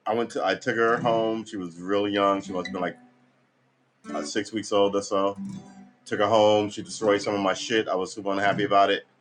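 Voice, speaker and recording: Laid-back New man, groggy and a bit cranky, lower voice, loose casual storyteller who swears easily. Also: a bit bright. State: tired, just woke up. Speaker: guitar practice streamer.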